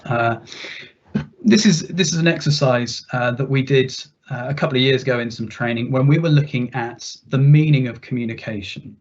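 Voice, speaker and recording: A man at a mid pitch leads a workplace training webinar, chatty and full of rhetorical questions. His voice is slightly husky, and the webinar audio comes through dull and muffled. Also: normal speed. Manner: conversational, with frequent restarts and rhetorical questions. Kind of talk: webinar workshop presentation.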